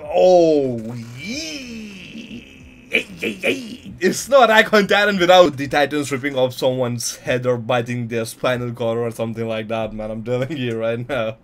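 A man hosting an anime reaction video, commenting live in an excitable way and tossing in "yo" and "man" a lot. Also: mid-range voice, vocal fry. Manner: excitable, repeats "yo" and "man", bursts into laughs and shouts. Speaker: anime reaction channel host.

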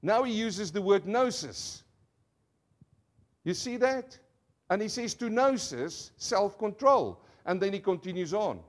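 A male pastor preaching an emphatic sermon in a voice that sits a little high for a man. He leads the congregation in call-and-response and keeps asking rhetorical questions as he explains the meaning of words. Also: big pitch swings, a little slow. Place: church service before a congregation.

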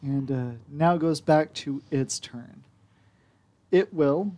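A man running a tabletop game as game master, calmly giving rules calls and describing the action. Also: on the high side, slow.

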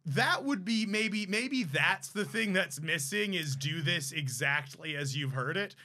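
Brief: young male co-host, high and bright, hesitant comic rambler. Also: expressive, unhurried. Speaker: podcast co-host. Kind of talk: casual comedy chat.

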